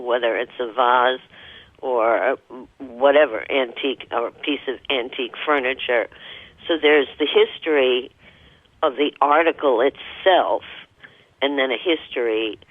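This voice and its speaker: A man's voice: medium pitch, a little slow. A man hosting an interview, asking short questions and giving brief encouraging replies. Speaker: interview host. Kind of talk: conversational interview. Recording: dry tinny phone-line audio.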